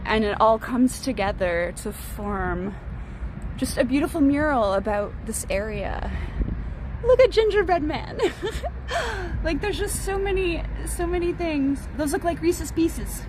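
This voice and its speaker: Excitable woman live-streaming outdoors. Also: high voice, a little slow, noisy background. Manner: excitable, gushing, laughs often. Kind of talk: casual live-stream chat while walking. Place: outdoors beside a gallery building.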